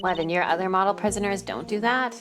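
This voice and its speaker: A woman's voice: medium pitch, quick pace, close to an everyday voice. Woman doing a cheeky young girl sidekick, chatty, upbeat, game music behind.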